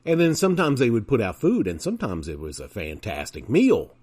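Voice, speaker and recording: A man hosting his own podcast, telling anecdotes in a casual monologue. His pitch moves a lot and his delivery is chatty and animated. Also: a little fast, slightly rough. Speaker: podcast host.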